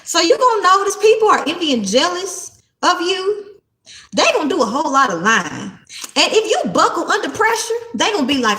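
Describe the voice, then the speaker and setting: A woman in her thirties reads tarot cards in a casual spiritual vlog, blunt, defiant and full of swearing. Her voice sits high and swings widely in pitch. It sounds bright and sharp, and it echoes around the room she records in. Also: very animated, normal speed. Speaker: tarot card reader.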